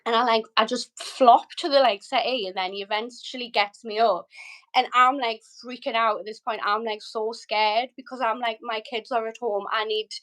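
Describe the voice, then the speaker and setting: A woman's voice: on the high side, fairly even intonation, normal speed, fairly bright tone, poor audio. A British woman, a podcast guest, tells a personal story with vivid emotion, frequent swearing and many "likes". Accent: British English. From Britain.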